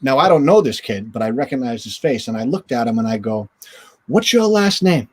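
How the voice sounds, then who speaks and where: A man in his forties, a guest in an interview, telling stories in a chatty, relaxed way full of fillers. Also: mid-range voice, fast talker, slightly rough. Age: 40s. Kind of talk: casual storytelling in an interview.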